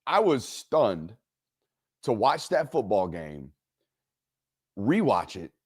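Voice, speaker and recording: A man's voice: lowish voice, sing-song, slow, darkish tone, husky. A man hosting a solo college football talk show, giving emphatic, repetitive commentary and swearing freely.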